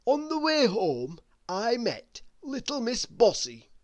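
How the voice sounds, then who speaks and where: Slow expressive woman storyteller. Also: fairly high pitch, no echo. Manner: expressive unhurried reading. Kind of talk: bedtime story read-aloud.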